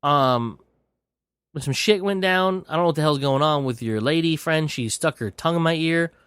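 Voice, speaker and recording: A man's voice: fairly high pitch, normal speed, fairly bright tone, smooth, no echo, clean studio sound, lightly acted. A man voicing a laid-back young male android double who talks in casual slang. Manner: casual slangy bro talk.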